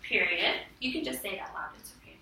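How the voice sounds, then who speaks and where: A woman's voice: medium pitch, big pitch swings, quick pace. A woman teaching a punctuation lesson to children, asking patient leading questions and repeating their answers, recorded from far off in an echoey classroom. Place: school classroom. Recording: echoey classroom, distant camera, faint noise.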